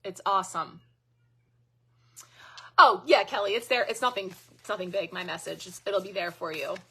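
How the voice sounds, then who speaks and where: A woman's voice: mid-range voice, normal speed, sharp tone, slightly rough. A middle-aged woman hosting a live card reading, chatting casually and thanking viewers by name. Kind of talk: casual live-stream chat.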